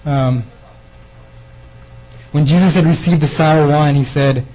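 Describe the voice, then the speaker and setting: A man's voice: a little high, steady tone, slow pace, dark tone, low-quality recording. A man preaching a sermon in an earnest way, often repeating words and restarting his phrases. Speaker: preacher giving a theme talk.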